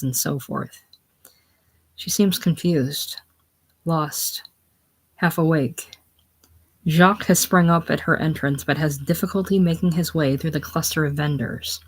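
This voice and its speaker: A woman casually reading a play aloud, reading the stage directions plainly. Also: low-pitched. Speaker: reader.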